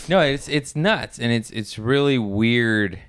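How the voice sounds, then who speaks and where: A man's voice: takes it slowly, smooth. A young adult man, a comedian, telling stories in casual chat, swearing freely and acting out the people he talks about. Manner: animated storyteller who acts out others in high squeaky voices, swears often. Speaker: comedian, podcast guest.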